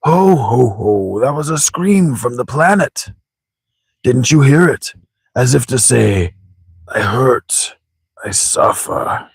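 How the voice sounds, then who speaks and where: A man's voice: mid-range voice, animated, gravelly, slightly rough, no room sound, studio quality, voice pushed up, heavily acted. A man doing Bugenhagen, chuckling old sage. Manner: chuckling "ho ho ho", slow measured speech. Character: wise old man elder, chuckling, slow and grand.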